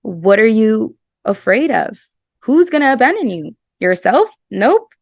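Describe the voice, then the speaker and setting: A woman's voice: a little high, sing-song, measured pace, no room sound, clean studio sound. A woman hosting a casual self-help podcast, earnest and emphatic, often repeating her words. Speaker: podcast host.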